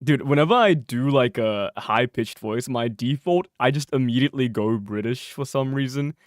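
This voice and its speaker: A young man giving casual, swearing, joking commentary while streaming a game, his mic close and peaking loud. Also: mid-range voice, moderate pace, no echo. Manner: animated, swearing, laughing, joking.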